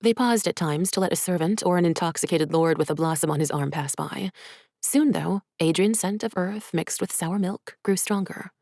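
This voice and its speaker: A woman, an author, reading her own short story in soft, measured, hushed narration. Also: fairly low pitch, no echo, clean studio sound.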